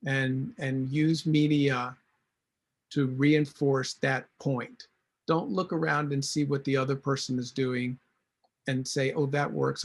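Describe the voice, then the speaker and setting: A man cartoonist speaking earnestly on a panel, often restarting his sentences. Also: mid-range voice. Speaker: cartoonist and designer. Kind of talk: panel discussion.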